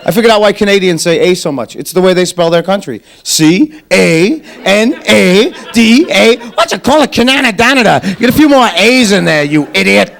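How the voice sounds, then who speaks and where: A man performing a stand-up comedy set in a club, animated and punchy, with mock-exasperated rants. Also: high-pitched, quick pace, creaky, hardly any pauses.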